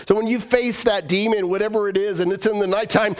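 A man's voice: high voice, steady tone, quick pace, hardly any pauses. A man preaching a sermon as pastor, emphatic and repeating key phrases for weight.

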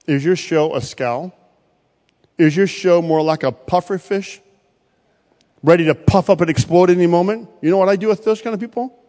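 A male pastor preaching a sermon, swinging from loud bursts to quiet, pointed asides. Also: high voice, normal speed. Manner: preaching with sudden loud rises and quiet drops. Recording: long hall reverb.

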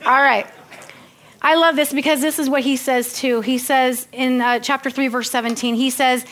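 A woman's voice: sits high, fairly even intonation, moderate pace, a bit bright. A woman preaching a sermon, reading scripture earnestly and breaking into chatty, laughing asides.

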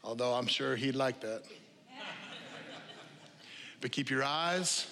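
A male pastor preaching a lively, conversational sermon to a congregation, repeating key phrases and dropping humorous asides. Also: mid-range voice, takes it slowly, a crowd in the background. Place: church auditorium with live congregation. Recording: long hall reverb.

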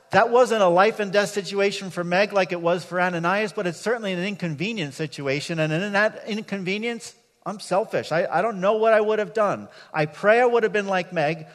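A man preaching a sermon as pastor, telling a personal story in a conversational way with asides to the congregation. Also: high voice. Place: church sanctuary. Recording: long hall reverb.

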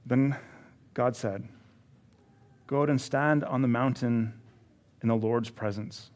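A man preaching a sermon in an earnest way, rising to emphasis and then dropping to a hush, often repeating words. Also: mid-range voice, steady tone, slow. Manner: earnest, swings from rising emphasis to hushed quiet. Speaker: pastor.

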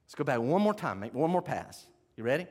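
This Bible teacher's voice is medium-pitched and darkish in tone, sing-song and fairly quick. Preaching emphatically, he stresses key words, questions his listeners and asks them to take notes.

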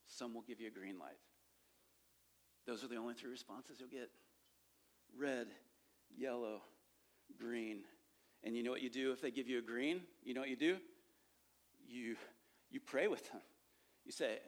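A man's voice: mid-range voice, moderate pace, pauses often. A man preaching a sermon on sharing faith, talking conversationally and checking in with the listeners often. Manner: conversational, repeats points with frequent "okay?" check-ins. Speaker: pastor teaching evangelism.

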